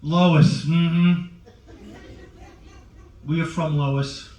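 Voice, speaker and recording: A man's voice: fairly high pitch, fairly even intonation, very slow, a little mellow. A middle-aged male stand-up comedian in a cruise ship show lounge, brashly teasing the audience as he works the crowd. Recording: roomy, distant, faint crowd ambience.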